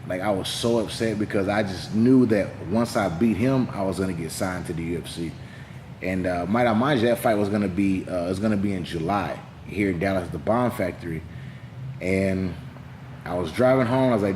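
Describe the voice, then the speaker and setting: A man's voice: fairly low pitch, normal speed, darkish tone, slight background noise. A man, a heavyweight fighter, telling his story in an interview in a loose, rambling way with lots of fillers and quoted dialogue. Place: gym. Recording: echoey room.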